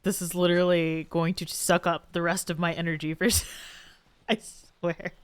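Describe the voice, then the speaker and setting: A woman's voice: on the low side, flat delivery, moderate pace, clean tone. A woman streaming a video game live, chatting to her viewers and playfully whining and pleading at the game with frequent laughs. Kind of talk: live gameplay stream commentary.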